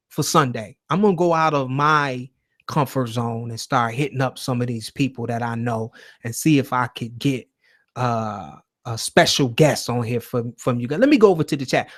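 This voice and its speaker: A man hosting a live call-in show from home, talking in a casual, rambling and profane way. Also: mid-range voice. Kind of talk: casual livestream talk.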